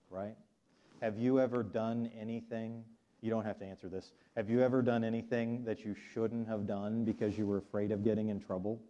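A man of average pitch gives a children's sermon as pastor of a church. He tells the story casually and keeps putting questions to the young listeners. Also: dark tone. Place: church sanctuary.

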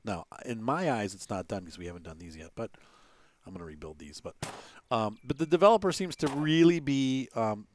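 A man's voice: on the low side, expressive, a little fast, slight background noise. A man hosting a gaming channel, giving casual gameplay commentary in a rambling way, with many fillers and little chuckles. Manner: chuckles between remarks.

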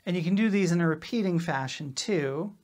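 Low-voiced woman teaching drum rudiments. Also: fairly quick, noisy background. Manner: relaxed, often checks in with "right?". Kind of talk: casual instructional talk.

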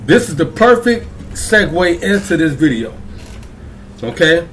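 A man's voice: on the high side, big pitch swings, measured pace, fairly bright tone, a little hiss or hum. A man hosting a reaction video, talking casually and often checking in with viewers. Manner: chatty, keeps checking in with viewers. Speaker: YouTube reaction host.

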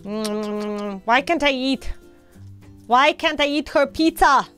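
A woman with a scratchy throat, hosting a casual let's-play chat with excitable squeals. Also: high-pitched, takes it slowly, clean tone, soft background music. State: scratchy throat, coming down with a cold. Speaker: gaming channel host.

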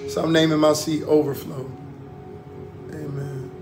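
High-voiced fervent man preaching. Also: level tone, measured pace, roomy sound, music in the background. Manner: fervent, repetitive, frequent amens and hallelujahs. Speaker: pastor. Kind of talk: livestreamed preaching and offering appeal.

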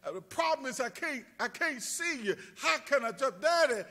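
A man's voice: extremely high pitch, animated, moderate pace, sharp tone, in a large hall, voice pushed up, heavily acted. A man voicing a frightened four-year-old boy trapped in a burning house, crying out and pleading.

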